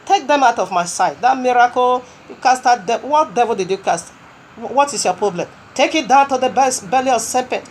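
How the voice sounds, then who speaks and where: A woman preaching a lively sermon who reads scripture aloud, laughs often and breaks into bursts of speaking in tongues. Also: a little high, brisk, slight background noise.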